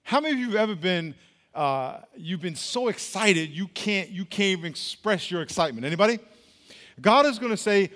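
A man's voice: high voice, expressive, brisk, fairly bright tone, in a large hall. A man preaching a sermon as pastor, speaking emphatically and quizzing the congregation with questions.

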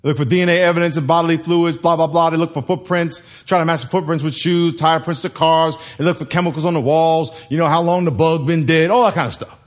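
A man's voice: fairly high pitch, fairly even intonation, quick pace, few pauses. A man preaching a sermon to a congregation, telling stories, acting out voices and laughing. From United States.

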